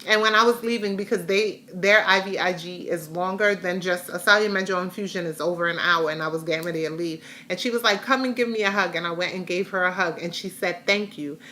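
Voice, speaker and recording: A woman's voice: lowish voice, steady tone, brisk, hardly any pauses, bright, forceful tone, a little hiss or hum. A middle-aged woman chatting casually in a rambling, heartfelt way while giving a personal health update to her viewers. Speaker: vlogger sharing a health update.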